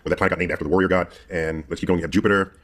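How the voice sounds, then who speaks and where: A man with a low, husky voice explains science in a casual chat. He rambles, doubles back on his words and chuckles often, and he talks at a very fast clip. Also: fairly even intonation, a bit bright.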